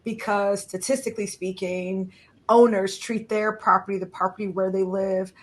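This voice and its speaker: A woman on a chat podcast, middle-pitched, with a plain, firm, explanatory way of talking. She lays out her points steadily. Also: little pitch movement, normal speed. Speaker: podcast co-host. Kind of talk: casual chat.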